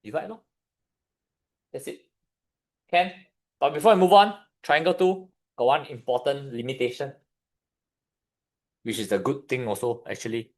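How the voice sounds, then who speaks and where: A man with a Singaporean English accent, teaching a chemistry revision class and questioning his students as he goes. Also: mid-range voice. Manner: questions the class, pausing for answers. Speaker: chemistry tutor.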